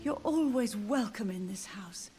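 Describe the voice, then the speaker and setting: An actress voicing a grieving elderly mother who softly insists her living son is a ghost, in video game dialogue. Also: mid-range voice, expressive, a little slow, natural voice. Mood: mournful. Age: older. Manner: soft, tender, wistful. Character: grieving elderly mother, gently deluded, haunted. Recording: game audio with loud music behind.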